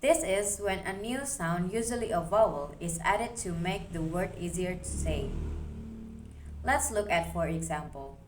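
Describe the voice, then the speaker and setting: A woman reading a phonology class presentation aloud, slowly working through examples one at a time. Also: on the low side, lively intonation, music in the background. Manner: slow, careful, reads examples one by one. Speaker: student presenter.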